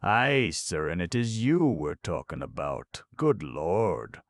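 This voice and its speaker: A man's voice: deep voice, very animated, slow, no room sound, studio quality, voice pushed up, heavily acted. A man voicing an older male gamekeeper who delivers solemn, preachy warnings in a raised voice. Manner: solemn, pronouncing warnings like scripture.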